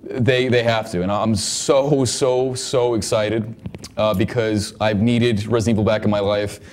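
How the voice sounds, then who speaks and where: A man co-hosting a gaming podcast in casual chat, rambling and repeating words as he gets excited about game news. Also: lowish voice, measured pace, slight background noise. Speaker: podcast co-host.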